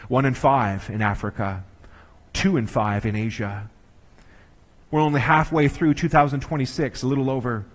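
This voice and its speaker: A man preaching a sermon, earnest and measured, slowing down to stress key phrases. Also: mid-range voice. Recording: long reverb of a large hall.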